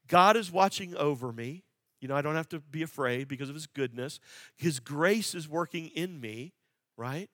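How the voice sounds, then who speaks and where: A male pastor preaching a sermon, earnest, repeating phrases for emphasis and asking the congregation questions, swinging from quiet and low to loud and emphatic. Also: moderate pace, no echo, studio quality.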